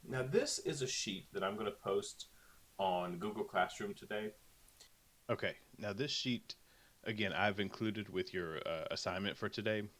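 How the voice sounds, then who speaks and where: Deep-voiced man teaching an online lesson. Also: moderate pace, fairly bright tone. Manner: casual, chatty, lots of okays and ums. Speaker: Spanish teacher.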